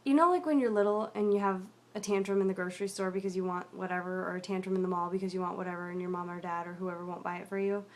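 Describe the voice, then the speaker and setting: A young woman telling a personal story in a video diary, rambling and confessional with many fillers, often dropping to a quiet mutter. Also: fairly low pitch, fairly even intonation, racing, few pauses.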